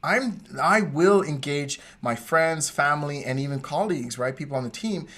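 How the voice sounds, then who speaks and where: A man co-hosting a podcast, telling a personal story in an animated way and acting out what others said. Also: fairly high pitch, moderate pace. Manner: animated storyteller, acts out quoted voices. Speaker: podcast co-host. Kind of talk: casual storytelling chat.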